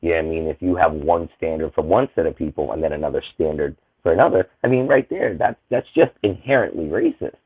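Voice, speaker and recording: Low husky american-raised guy, fired up and emphatic, sounds like he's on a tinny phone line. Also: animated, fast, hardly any pauses, dry recording. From United States. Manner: impassioned, emphatic, rises to loud indignation. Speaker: panel guest. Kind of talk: casual discussion.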